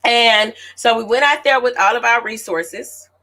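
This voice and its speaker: A woman's voice: on the high side, unhurried. A woman in her late thirties, an author, telling a story casually and animatedly to her audience. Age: late 30s. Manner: animated, chatty, addresses listeners as y'all. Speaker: author hosting her own celebration.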